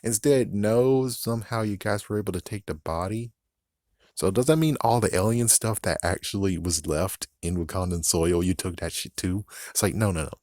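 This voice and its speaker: Deep-voiced man ranting casually. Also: moderate pace, darkish tone, no echo, studio quality. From United States. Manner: rambling, profane, frequent laughs and self-corrections. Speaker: YouTube commentator. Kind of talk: casual reaction commentary.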